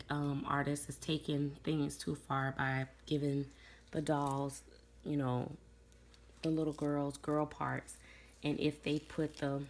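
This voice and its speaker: A woman's voice: low-pitched, slight background noise. A middle-aged woman chatting casually to her viewers, telling a funny story about her dolls and laughing along as she acts out what others said. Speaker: doll collector vlogger.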